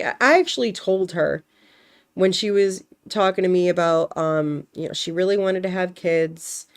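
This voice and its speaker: A woman's voice: lowish voice, darkish tone. A young woman chatting casually on a stream, rambling animatedly and acting out quotes as she tells a story.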